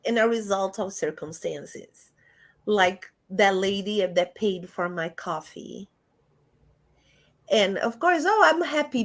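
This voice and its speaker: A woman giving a lively spiritual talk over a video call, animated and often laughing, with big jumps in pitch. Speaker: guest speaker.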